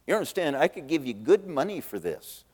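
A man's voice: a little high, big pitch swings, fast talker, darkish tone, husky, big-room sound. A man preaching, voicing a greedy, sulky king who pleads and pushes to get his way. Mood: pleading.

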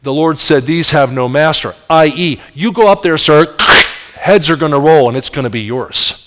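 A preacher doing a sly, defiant prophet. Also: male voice, on the high side, normal speed, a bit bright, slight background noise, close to an everyday voice. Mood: blunt. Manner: sly, blunt, baiting. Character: wry defiant chained prophet, male adult. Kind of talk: dramatized sermon storytelling. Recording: long reverb of large hall.

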